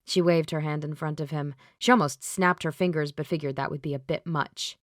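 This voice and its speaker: Low-voiced woman reading an audiobook. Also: steady tone, a little fast, few pauses, no echo, studio quality. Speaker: audiobook narrator. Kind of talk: scripted audiobook narration.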